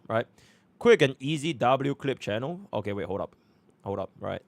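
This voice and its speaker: This Singaporean guy's voice sits at medium pitch, brisk and a little mellow, in a dry recording. Streaming live and talking through menus, he's chatty, leans on the same fillers over and over, and mutters under his breath.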